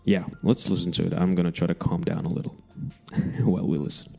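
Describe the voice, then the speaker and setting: A man's voice: low-pitched, little pitch movement, fairly quick, vocal fry, mellow, slightly rough. A man hosting a radio music show, chatting casually and jokily between songs, rambling and cutting himself off. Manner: rambling, self-interrupting, jokey.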